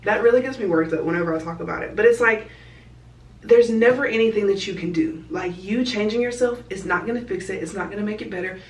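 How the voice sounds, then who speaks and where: A woman's voice: medium pitch, fast talker. Young woman rambling candidly to her followers, lots of "like", a bit far off the mic in an echoey room. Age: young adult. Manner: chatty, candid, fillers of "like". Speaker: vlogger. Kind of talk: casual chat.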